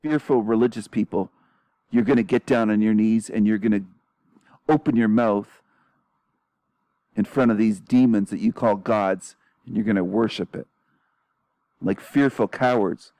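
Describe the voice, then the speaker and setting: A man commenting on a clip, a low, mellow tone, bluntly challenging and repeating rhetorical questions with a dry, close sound. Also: measured pace, pauses often, no echo. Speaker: commentary channel host.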